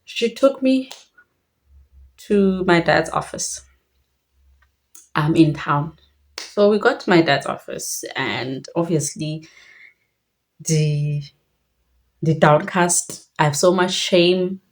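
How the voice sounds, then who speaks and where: A woman's voice: low-pitched, slow, long pauses. A young woman with a South African Xhosa accent telling a personal story in a reflective way, switching between languages mid-sentence.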